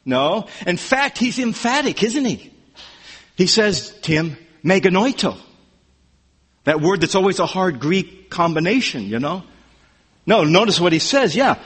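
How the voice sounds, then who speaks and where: Preacher, male, higher voice, lively delivery, long church-hall echo. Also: a little slow, pauses often, slightly rough. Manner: animated, emphatic, rising to near-shouts for questions. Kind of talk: expository sermon. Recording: reverberant hall.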